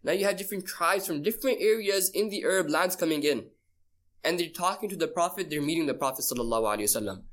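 A man's voice: on the high side, animated, fast, a bit bright. A man teaching a casual class, quizzing his listeners and repeating key phrases for emphasis. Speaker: Islamic teacher.

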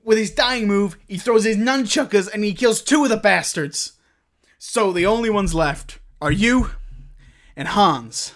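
A man performing a film monologue aloud, animated and swearing, rising to shouts. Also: sits high, a little slow.

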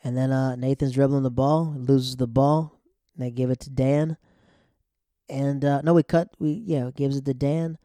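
A man's voice: medium pitch, steady tone, unhurried, dark tone, no echo, clean studio sound. A man casually recapping a TV episode in a chatty, slangy way, now and then acting out the characters' lines.

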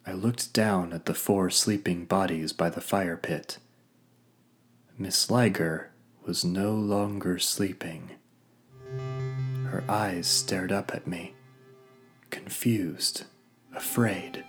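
Male narrator for a first-person fantasy audiobook, low voice, unhurried delivery, faint music underneath. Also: fairly even intonation, fairly bright tone. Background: faint background music.

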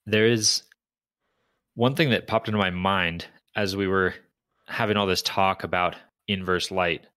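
A man's voice: low-pitched, steady tone, unhurried, pushed and bright, dry recording. A man co-hosting a podcast, talking through ideas in a thoughtful, hesitant way with frequent restarts. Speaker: podcast co-host. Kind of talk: casual book discussion.

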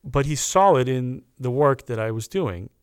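A man, a podcast guest, telling a personal story in an earnest, animated way and acting out the people he quotes. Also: mid-range voice, moderate pace, clear, resonant tone, no echo, studio quality.

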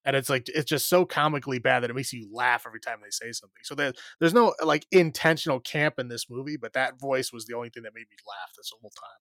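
A man's voice: medium pitch, quick pace, hardly any pauses, a bit bright, no echo. A man co-hosting a podcast, chatting casually about a film in a rambling, exasperated way, with plenty of fillers and restarts. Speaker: podcast co-host. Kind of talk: casual film review chat.

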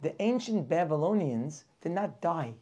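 A man teaching a lively weekly Torah class, full of rhetorical questions and acted-out characters. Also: a little high, unhurried.

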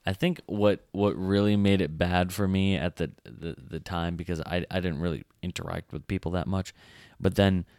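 A young man co-hosting a casual podcast, speaking softly and hesitantly, often restarting his sentences. His voice is very low, smooth and resonant. It is recorded close and dry. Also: fairly even intonation, normal speed, hardly any pauses, dry recording. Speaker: podcast co-host. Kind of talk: casual chat.

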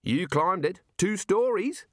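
A man's voice: high-pitched, animated, slow, fairly bright tone, dry recording, clean studio sound, voice pushed up, heavily acted. A man doing a breezy, jovial wizard boss. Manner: cheerful, breezy, teasing. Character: jovial boastful male wizard chancellor.

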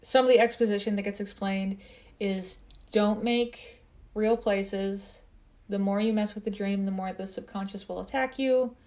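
A woman's voice: mid-range voice, fairly even intonation, moderate pace, darkish tone. A woman with a Midwestern accent co-hosting a movie review podcast, chatty and joking as she recaps the plot. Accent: Midwestern American. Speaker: podcast co-host. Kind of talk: casual movie review chat.

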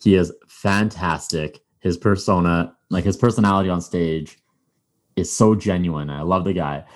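A man's voice: sits low, fairly even intonation, moderate pace. A man hosting a podcast, chatting casually and rambling with many fillers and restarts. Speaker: podcast host. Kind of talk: casual chat.

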